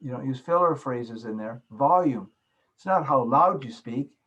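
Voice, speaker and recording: A man's voice: medium pitch, animated, measured pace, lo-fi sound. A man from Canada giving a recorded class lecture, stressing key words and repeating them for emphasis. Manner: emphatic, repeats key words, demonstrates soft and loud speaking.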